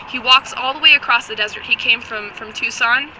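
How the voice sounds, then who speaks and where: A woman's voice: on the high side, steady tone, a little fast, sharp tone, a little hiss or hum, low-quality recording. A young woman with a strained, tired voice telling a comic, rambling story full of restarts and asides. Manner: rambling, joking, many restarts. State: losing her voice.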